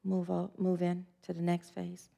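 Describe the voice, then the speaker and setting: A woman's voice: fairly low pitch, completely flat delivery, measured pace, creaky, warm tone. A woman teaching a spiritual sermon, earnest and encouraging, leading the group in spoken affirmations and often restarting her sentences. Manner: earnest, leads call-and-response affirmations, frequent restarts.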